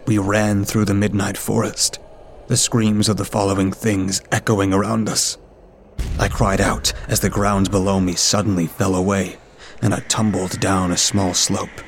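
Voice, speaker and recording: A man reading a scripted horror story in a steady, measured way. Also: lowish voice, vocal fry, slight background noise. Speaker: story narrator.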